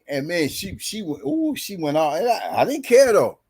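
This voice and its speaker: A man's voice: sits high, very animated, normal speed, hardly any pauses, darkish tone, slightly rough. A man on a podcast telling a workplace story in casual chat, acting out the quoted dialogue with bursts of laughter. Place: podcast studio.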